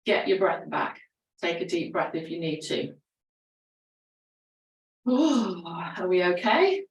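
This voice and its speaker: A woman leading a gentle exercise class, encouraging and chatty, laughing often between cues. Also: on the low side, very animated, takes it slowly, distant mic. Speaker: fitness instructor. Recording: roomy echo, voice from away from the mic.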